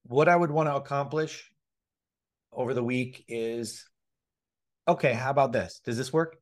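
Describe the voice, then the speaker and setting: A man hosting a casual podcast conversation, excitable, swearing freely, often restarting his sentences and laughing. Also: medium pitch, normal speed. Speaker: podcast host.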